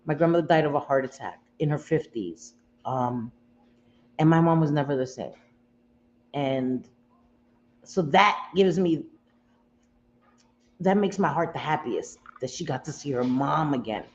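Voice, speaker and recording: An American woman hosts a casual livestream from home, confiding emotionally in viewers, close to tears and often repeating herself. Her voice sits low with a darkish tone and lively intonation, at a measured pace with long pauses. The audio is dull and lo-fi, with faint room noise.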